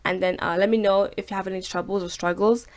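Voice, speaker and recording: A woman hosting a casual video language lesson. She slows down to say each word twice so learners can copy it, then chats loosely with fillers between examples. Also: medium pitch, fairly even intonation. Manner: slows down and repeats each word to model pronunciation; chatty, with fillers. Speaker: language teacher and host.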